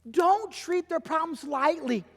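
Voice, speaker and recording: Middle-aged male pastor, high pitched and emphatic, sermon in a reverberant hall. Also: a little slow. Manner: animated, emphatic preaching with acted-out quotes. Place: church sanctuary. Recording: long church hall reverb.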